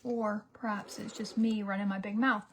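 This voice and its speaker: A woman's voice: medium pitch, flat delivery, moderate pace, a little hiss or hum. A woman, chatting and joking through a makeup routine, sometimes dropping into whispers. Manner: chatty, self-mocking, drops into whispers for asides. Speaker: beauty vlogger. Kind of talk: casual get-ready-with-me chat.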